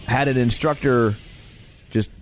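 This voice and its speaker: A man's voice: mid-range voice, fairly even intonation, unhurried, a little hiss or hum. A man co-hosting a podcast in casual chat, playful and agreeable, with joking banter. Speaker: podcast co-host.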